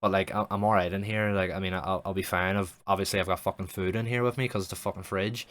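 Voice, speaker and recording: A man's voice: sits low, fairly even intonation, fast talker, fairly bright tone. A man voicing an anxious middle-aged husband who stammers and frets. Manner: stammering, fretful.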